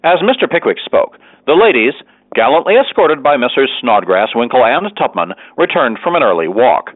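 A man reads a classic story aloud with a very lively, animated voice. The recording is narrow and phone-like, and bone-dry with no room sound. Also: medium pitch, moderate pace, no echo. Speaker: narrator. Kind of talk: audiobook reading of a classic novel.

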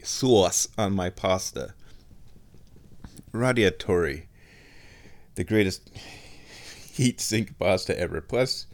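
A man with stuffed-up sinuses hosting a podcast, talking in a casual, playful, digressive monologue while walking around his home. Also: low voice. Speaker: podcast host. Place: at home, walking between rooms.

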